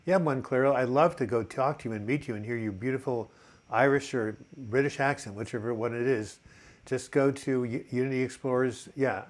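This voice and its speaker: An older man hosting a casual live chat, upbeat and chatty as he reads out viewer comments, with plenty of fillers. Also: mid-range voice. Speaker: host of a mental health live chat.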